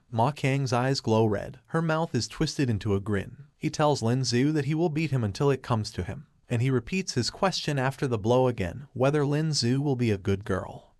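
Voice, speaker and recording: A man narrating a comic recap in a steady, scripted present-tense retelling. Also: mid-range voice, dry recording, studio quality.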